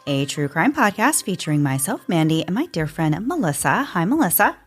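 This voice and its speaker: A woman's voice: lowish voice, big pitch swings, fairly quick, soft background music. A woman, hosting a casual true crime podcast and chatting with filler words. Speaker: podcast host.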